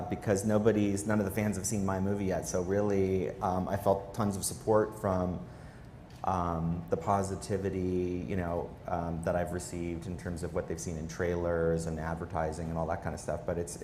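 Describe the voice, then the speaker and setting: A man's voice: low-pitched, level tone, normal speed, a little mellow. A man, a film director, answering audience questions thoughtfully with many "um" and "uh" fillers. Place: auditorium with live audience. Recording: long hall reverb, faint noise.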